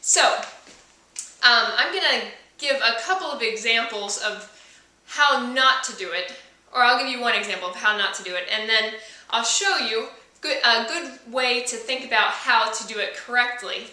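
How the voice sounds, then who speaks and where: A woman's voice: fairly high pitch, moderate pace, bright, forceful tone. A woman who is a voice teacher, explaining singing technique to camera in a friendly way. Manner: friendly explaining, with sung demonstrations. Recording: echoey room, mic far off.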